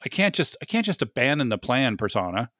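A man's voice: medium pitch, sing-song, a little fast, sharp tone, dry recording, clean studio sound. An American man hosting a casual tech chat, rambling, joking at himself and repeating words as he goes. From United States. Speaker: podcast host.

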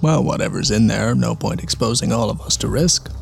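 A man's voice: mid-range voice, brisk, gravelly, soft background music. A man playing in a tabletop game, practical and matter-of-fact. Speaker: player.

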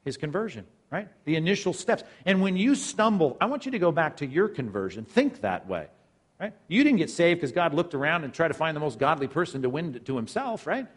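A man delivering a sermon as a pastor, with a voice pitched a little above most men. He presses his points through repetition and asks the congregation question after question. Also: very animated, brisk, breathy edge. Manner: preaching with emphatic repetition and rhetorical questions.

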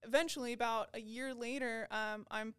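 A woman who is a podcast guest in recovery, telling her story in a lively, casual way and acting out her own past lines, with many "like"s. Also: fairly high pitch, normal speed, clean tone, no room sound, studio quality.

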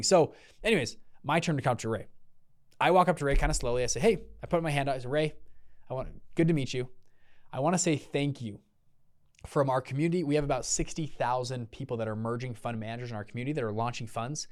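A man's voice: mid-range voice, fast talker. A young man hosting a podcast, telling a story casually and animatedly, acting out the voices of the people in it. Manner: animated, acts out quoted voices. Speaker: podcast host.

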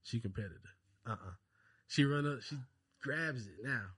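A man in his thirties co-hosting a podcast, telling stories in animated casual chat and laughing often. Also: mid-range voice, moderate pace, slightly rough, no echo. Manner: animated storyteller, acts out voices, laughs a lot. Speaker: podcast co-host.

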